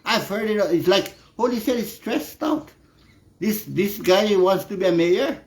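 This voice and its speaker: A man's voice: high voice, normal speed. A man delivering a heated, profane political rant, peppering his speech with "no" as a filler. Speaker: political commentator. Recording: echoey room.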